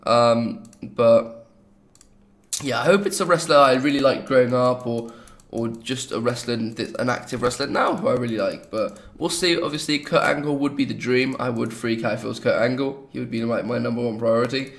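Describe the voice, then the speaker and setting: A man's voice: mid-range voice, normal speed, gravelly. A young man from England with an English accent, chatting casually and rambling with jokey asides as he hosts a gaming video. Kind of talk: casual gameplay commentary.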